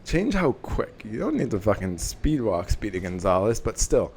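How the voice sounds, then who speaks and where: A young man talking casually to camera, giving energetic motivational advice and swearing for emphasis. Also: fairly low pitch, moderate pace, a little hiss or hum. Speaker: self-help vlogger.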